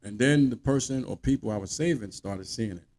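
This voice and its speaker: A man's voice: lowish voice, fairly quick, darkish tone, a little hiss or hum. A man delivering a blunt, profane monologue rant as a podcast host.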